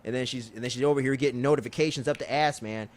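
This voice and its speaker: A man co-hosting a podcast, recapping an episode in casual chat, telling it loosely and profanely with quick impressions of the characters. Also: medium pitch, fairly even intonation. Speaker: podcast co-host.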